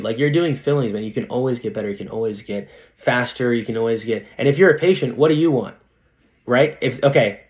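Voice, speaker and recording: A young man, a dentist guest on a podcast, chatting casually and animatedly, full of slang. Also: medium pitch. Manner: animated, slangy, says dude a lot. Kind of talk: casual interview chat.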